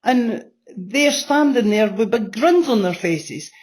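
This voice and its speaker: A woman's voice: on the high side, lively intonation, slow pace, darkish tone. A woman in her sixties giving a blunt personal testimony in an interview, swearing freely and repeating phrases for emphasis. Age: 60s. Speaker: interview guest.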